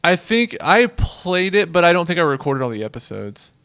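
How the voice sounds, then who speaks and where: A man co-hosting a casual gaming podcast, hesitant with deadpan jokes. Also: high voice, normal speed, clean tone, dry recording. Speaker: podcast co-host.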